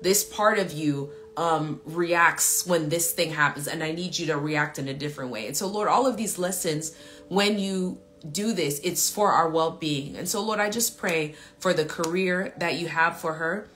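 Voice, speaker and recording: A woman's voice: sits low, normal speed, fairly bright tone, slight background noise. A woman leading a live prayer stream, praying aloud in an earnest, repetitive way with loose fillers, then chatting with her viewers. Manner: earnest, repeated appeals and declarations, loose with fillers. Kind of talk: spontaneous spoken prayer and chat with viewers.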